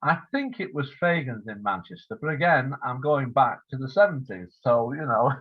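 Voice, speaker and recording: A husky-voiced man in his seventies, heard over a thin, tinny phone-like line. He talks as an interview guest, rambling through an anecdote and slipping into quoted dialogue as he goes. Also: mid-range voice, sing-song, moderate pace, dry recording. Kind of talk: casual storytelling interview.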